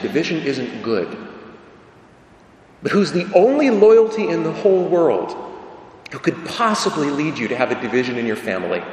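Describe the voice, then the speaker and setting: A man preaches a sermon with a lively, swinging delivery, pressing his points with rhetorical questions and repeated phrases. His voice sits a little high for a man. It rings out through the long reverb of a large church. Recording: echoey church from a distance.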